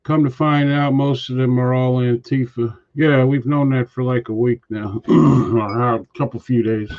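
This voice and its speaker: A man co-hosting a casual political chat show, talking bluntly and grumbling, who keeps clearing his throat and coughing. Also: medium pitch, fairly even intonation, measured pace, a little mellow. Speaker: podcast co-host. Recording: dull lo-fi sound.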